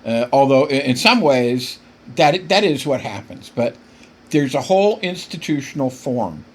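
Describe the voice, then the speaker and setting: A man's voice: medium pitch, animated, measured pace, husky. A man hosting a political podcast, delivering impassioned commentary that keeps getting worked up, with frequent stumbles and repeated words. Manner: emphatic, gets worked up.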